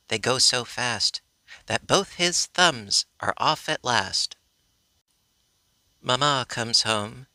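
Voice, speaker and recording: A man reading old rhymed children's stories aloud in a slow, measured way, giving the characters' quotes their own voices. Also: medium pitch, creaky, bright, forceful tone, dry recording. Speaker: narrator.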